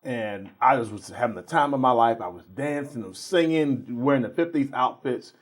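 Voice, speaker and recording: A middle-aged man, a theater professor and guest on a talk show, telling animated stories with repeated words and frequent laughs. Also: medium pitch, normal speed. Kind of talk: casual interview storytelling.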